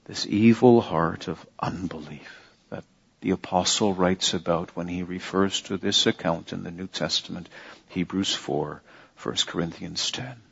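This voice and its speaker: A man's voice: deep voice, creaky, slightly rough, big-room sound. A man preaching a sermon in an earnest way, repeating phrases and asking rhetorical questions of his listeners. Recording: dull lo-fi sermon recording.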